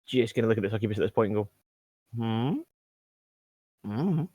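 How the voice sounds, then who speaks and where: A man playing in a tabletop game, speaking plainly and directly. His voice is on the low side. The recording is dry. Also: flat delivery, very fast, darkish tone, no echo. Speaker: player.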